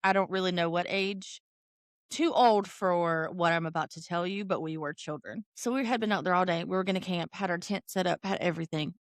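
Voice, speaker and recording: A woman co-hosting a podcast, telling a story in a casual, animated way and laughing often. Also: lowish voice, fairly quick, no room sound, clean studio sound. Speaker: podcast co-host.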